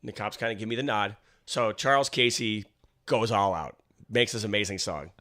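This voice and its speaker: A young man co-hosting a podcast, telling a story in casual chat with an animated, laughing delivery. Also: fairly low pitch, normal speed. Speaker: podcast co-host.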